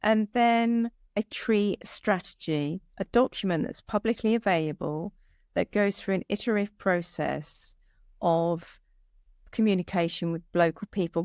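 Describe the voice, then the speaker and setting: A woman's voice: lowish voice, moderate pace, darkish tone, clean tone, no room sound. Woman, practical, emphatic, interview guest, dry recording. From United Kingdom. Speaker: guest arborist. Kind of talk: conversational interview answers.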